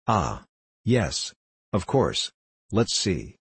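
A man's voice: low-pitched, very animated, drawn-out words, creaky, slight background noise, exaggerated voice. A man reading the part of a mocking, condescending middle-aged diplomat, speaking sharply and cynically. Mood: sneering.

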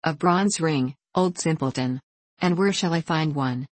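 A woman's voice: low voice, a little slow, no room sound. A woman reading aloud voices a scornful young slave girl in a fairy tale. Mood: scoffing.

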